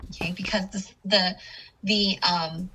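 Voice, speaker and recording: A woman's voice: mid-range voice, steady tone, slow pace, pushed and bright, slight background noise, low-quality recording. A woman teaching an English-as-a-second-language class on punctuation, explaining patiently and often checking in with "okay". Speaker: ESL teacher.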